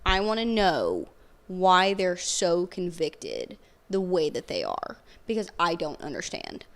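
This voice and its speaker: A young woman telling a personal story in casual podcast conversation, animated and peppered with "like". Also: lowish voice, slow. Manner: animated storytelling, heavy use of "like".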